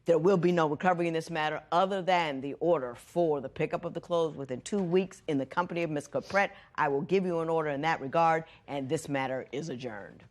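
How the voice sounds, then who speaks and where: Middle-aged woman judge, firm and lecturing, slightly low voice, reads rulings with animated emphasis. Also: fairly quick, few pauses, a little hiss or hum. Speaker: TV court judge.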